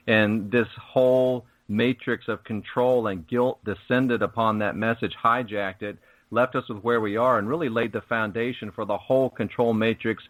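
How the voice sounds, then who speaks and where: Male guest, middle-pitched, preachy and emphatic, dry close sound. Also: fairly bright tone, dry recording, low-quality recording. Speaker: guest, spiritual network host. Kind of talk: casual radio interview.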